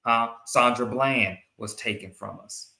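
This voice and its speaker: Male host, earnest commentary monologue; talks slowly and repeats himself, bright edge to the voice. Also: medium pitch, gravelly, echoey room. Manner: earnest, repeats and restarts phrases. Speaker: show host.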